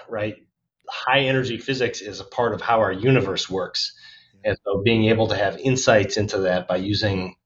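A man's voice: sits low, a bit bright, lo-fi sound. A man being interviewed on a podcast, talking casually and thoughtfully, often restarting phrases as he explains. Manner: thoughtful, restarts phrases, upbeat about the future. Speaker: podcast guest.

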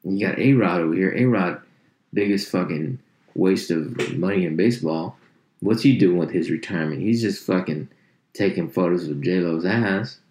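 A man's voice: moderate pace, roomy sound. A man ranting in a comic, profane way, swearing constantly and jumping into mocking voices. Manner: animated, swears constantly, jumps into high mock voices. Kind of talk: profane comedic rant.

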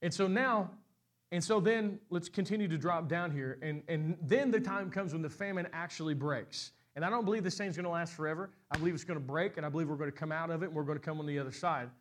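A middle-aged man preaching a sermon as pastor, rising to loud, high peaks and often repeating words as he restarts a phrase. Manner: repeats and restarts words when speaking fast.

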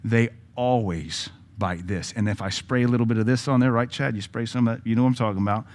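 A man's voice: mid-range voice, steady tone, racing. A man with a Southern US accent, a pastor preaching a sermon in a conversational style with joking asides.

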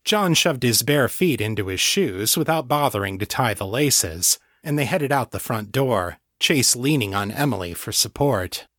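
Dry, measured male audiobook narrator. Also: medium pitch, no echo. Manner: even, measured storytelling. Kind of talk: scripted narration of a novel.

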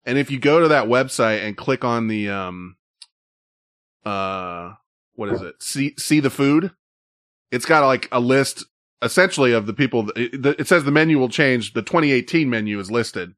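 A man's voice: medium pitch, animated, moderate pace, fairly bright tone, no room sound, studio quality. A man hosting a casual live stream, talking in a loose, rambling, profane way. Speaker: host.

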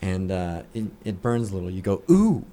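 A man's voice: deep voice, steady tone, a little fast, dark tone. A young man chatting casually, rambling and joking, often playfully defensive. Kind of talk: casual chat.

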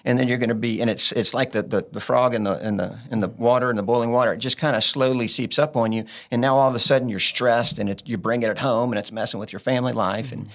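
A man's voice: medium pitch, steady tone, fast talker, hardly any pauses, a bit bright. A man in a casual interview as a guest business implementer, telling earnest, rambling stories.

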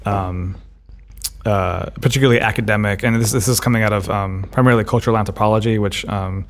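A man's voice: lowish voice, steady tone, a little fast. A man co-hosting a podcast, talking through ideas in a thoughtful casual way and often repeating words as he thinks. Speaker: podcast co-host. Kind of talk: casual discussion.

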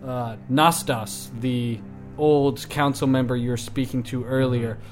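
Soft music plays behind a game master running a tabletop game. He narrates at a measured pace in a relaxed, mid-range voice, laughing often.

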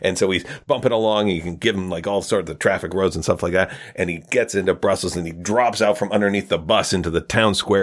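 A man hosting a podcast, telling a long joke in a rambling, casual way with many fillers. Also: low voice. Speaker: podcast host.

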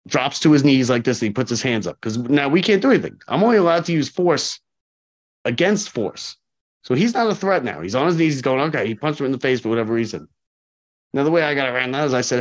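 Male corrections officer, casual interview talk, animated retelling, repeats for emphasis; lo-fi recording. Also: mid-range voice. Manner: animated, acts out dialogue, repeats himself for emphasis. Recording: slightly dull lo-fi audio.

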